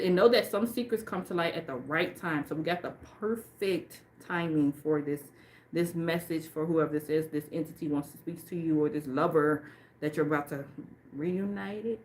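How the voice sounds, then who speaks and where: A woman doing a livestream card reading off camera, speaking emphatically and with a lot of swearing, and reading the card text aloud slowly. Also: deep voice, darkish tone, a little hiss or hum. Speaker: tarot and oracle card reader. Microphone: off camera, face not shown.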